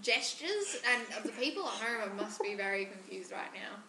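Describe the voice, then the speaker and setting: A woman's voice: medium pitch, sing-song, moderate pace, creaky, a crowd in the background. A young Australian woman co-hosting a casual chat with blunt, cheeky quips. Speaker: podcast co-host. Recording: echoey room with faint noise.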